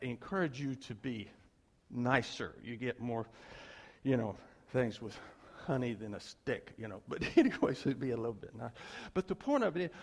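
A man preaching as a pastor, slipping into story mode and voicing both sides of an argument. His voice is a little high and gravelly, with a lively pitch that leaps up when he gets worked up. The sound carries a long reverb from a church hall. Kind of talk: sermon.

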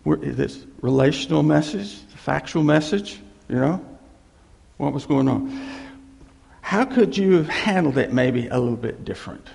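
A man preaching a sermon, telling a story in an animated way and repeating key phrases. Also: a little high, normal speed, creaky, long reverb tail.

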